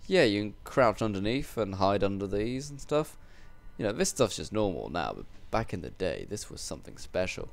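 A man's voice: on the low side, sing-song, normal speed, vocal fry, hardly any pauses. A young man casually commentating a video game, joking and rambling with crude asides. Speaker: gameplay commentator. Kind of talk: casual let's-play commentary.

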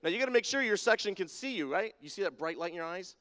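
This man talks fast in a high, expressive voice that sounds pushed and bright. He's steering a lighthearted audience-participation bit in a large sanctuary with a balcony and spotlights, ribbing people and calling them down by name, all wrapped in long hall reverb.

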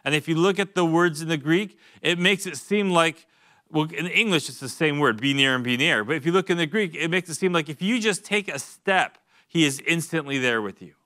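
A young man preaching a casual, conversational sermon in a church, joking, with quick asides and repeated words. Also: fairly high pitch, bright, forceful tone. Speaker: pastor.

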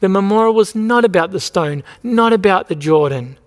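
High-voiced male pastor in a reverberant church. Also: expressive, moderate pace. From Australia. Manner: earnest preaching, repeated rhetorical questions. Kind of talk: sermon. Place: church sanctuary. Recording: long reverb of a church hall.

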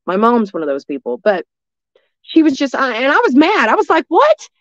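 A woman from East Tennessee with a Southern accent, telling a story as a guest in a rambling, excitable way full of restarts. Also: fairly high pitch, brisk, dry recording, highs cut off. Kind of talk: casual storytelling.

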